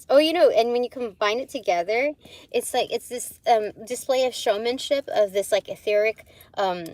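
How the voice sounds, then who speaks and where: A woman hosts a casual spiritual livestream, chatting about tarot and rambling with many fillers and frequent giggles. Her voice is a little high with a darkish tone, and she speaks at a moderate pace.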